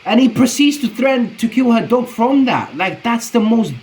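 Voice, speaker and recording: Man, streamer, casual reaction talk, slangy, profane, lively pitch. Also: normal speed, low-quality recording.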